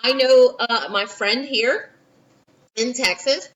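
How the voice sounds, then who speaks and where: Casting: chatty New Orleans woman teacher, slightly high, muffled lo-fi recording. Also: slow pace, fairly bright tone, far from the mic. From Louisiana, USA. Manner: chatty, with asides and quoted voices. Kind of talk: recorded history lesson for a class.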